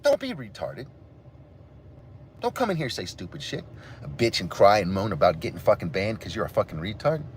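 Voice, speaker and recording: A man's voice: on the low side, wildly swooping pitch, a little fast, a little hiss or hum. A man hosting a livestream, ranting angrily and profanely at his chat. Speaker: livestream host. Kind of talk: angry livestream rant to chat.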